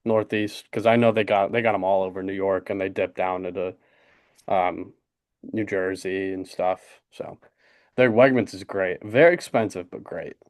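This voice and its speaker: A young man in his twenties co-hosting a casual sports podcast, excited and rambling with lots of fillers. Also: low voice, moderate pace, dry recording, clean studio sound. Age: 20s. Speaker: podcast co-host. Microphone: desk podcast mic.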